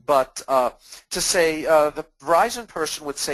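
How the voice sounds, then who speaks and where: Middle-aged male webinar presenter, lively pitch, dry close mic, plays out customer calls. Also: moderate pace, no room sound, rough recording. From Massachusetts. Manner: animated, acts out customer dialogues, self-deprecating jokes. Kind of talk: webinar talk with examples.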